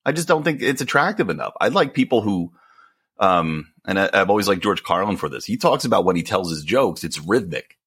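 A man's voice: deep voice, big pitch swings, brisk, a bit bright, slightly rough. A man co-hosting a casual podcast, joking and making sarcastic asides. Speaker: podcast co-host.

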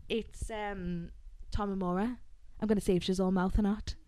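A woman's voice: mid-range voice, steady tone, moderate pace, warm tone, no room sound. A woman co-hosting a casual podcast chat, laughing often and swearing freely. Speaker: podcast co-host.

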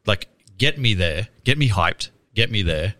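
A man's voice: lowish voice, lively intonation, a little slow, bright, forceful tone. A man, chatting casually about a trailer, swearing freely and laughing often. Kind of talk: casual chat reviewing a trailer.

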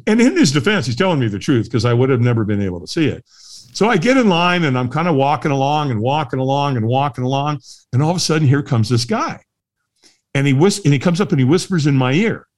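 A middle-aged man, a guest on a podcast, telling a story in a lively way and laughing often. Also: mid-range voice, fast talker. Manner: lively, laughs often, acts out the voices of others. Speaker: guest, firewalk instructor. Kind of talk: animated storytelling in a podcast interview.

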